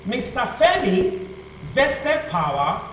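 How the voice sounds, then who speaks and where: High-voiced man lecturing, class fills blanks. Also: very animated, slow, a bit bright, slight background noise. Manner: call-and-response questioning, repeats "what?" for the class to fill in. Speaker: law revision teacher. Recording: echoey room, mic far off, faint ambience.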